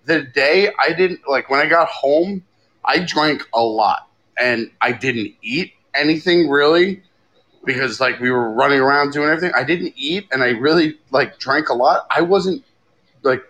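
A man's voice: on the high side, normal speed, bright, forceful tone, poor audio. A man co-hosting a casual podcast, ranting with lots of swearing and frequent laughs. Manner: profane, ranting, laughs often. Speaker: podcast co-host.

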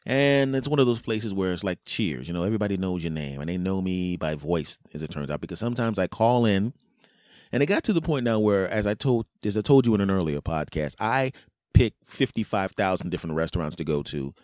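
A man in his late forties hosting a podcast, telling a comic story in an animated way and dropping into low, smooth murmurs. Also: fairly quick, no room sound, studio quality. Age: 40s. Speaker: podcast host. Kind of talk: casual comic monologue.

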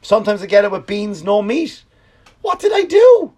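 A man voicing a panicked fired office worker, shrill and indignant, shrieking in bewildered outrage. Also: sing-song, normal speed, a little mellow.

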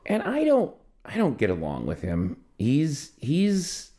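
A man co-hosting a podcast, telling a family story in a casual, rambling way, full of fillers and lively swings in his voice. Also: slow pace. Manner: rambling, many fillers, animated pitch swings. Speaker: podcast co-host.

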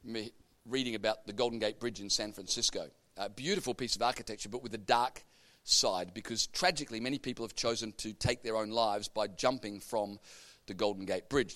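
A man preaching a sermon, an animated storyteller with comic punchlines. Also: lowish voice, no echo.

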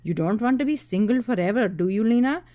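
A woman voicing a manipulative young man who talks in a flat, entitled, coaxing way. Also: high voice, fast, pitched above the performer's own voice.

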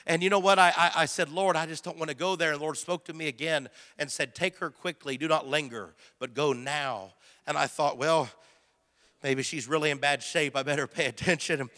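A man preaching a missionary testimony as a sermon, telling his story with high-strung, excitable energy. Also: a little fast. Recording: long hall reverb.

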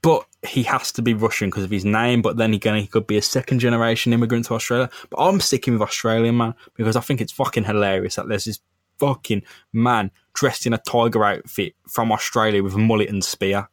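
A young man co-hosting a podcast in casual, excitable chat full of jokes and swearing. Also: on the low side, a little fast, no echo, studio quality. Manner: excitable, joking, heavy swearing. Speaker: podcast co-host.

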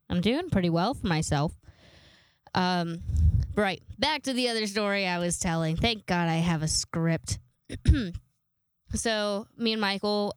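A woman's voice: mid-range voice, clear, resonant tone, dry recording, studio quality. A young woman hosting her own podcast, telling stories in a casual, self-deprecating way with lots of fillers and laughs. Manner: chatty, giggly and self-deprecating, with many fillers. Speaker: podcast host. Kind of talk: casual solo podcast chat.

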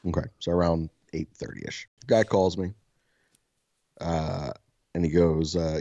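A self-described soft-spoken man, a podcast co-host, telling a story casually, swearing freely and laughing often. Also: low-pitched, level tone, a little slow, dry recording, dull audio.

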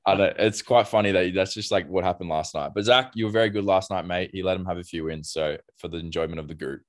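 Low-voiced Australian man, easygoing. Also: fast talker. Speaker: podcast co-host. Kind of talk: casual chat.

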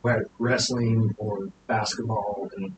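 A man from Utah, a podcast guest, telling family stories in a relaxed, chatty way. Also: on the low side, slow. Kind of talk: casual podcast chat. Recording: roomy echo, noticeable noise.

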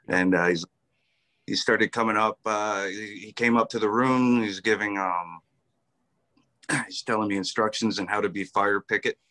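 A man's voice: on the low side, sharp tone. A man who served in the army, telling stories as a podcast guest, rambling with fillers, restarts and frequent laughs. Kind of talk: casual storytelling interview.

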